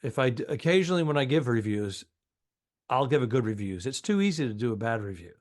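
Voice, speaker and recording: A man co-hosting a comedy podcast, reacting to his partner's story with quick, indignant interjections and asides. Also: medium pitch, big pitch swings. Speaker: podcast co-host. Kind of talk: casual comedic banter.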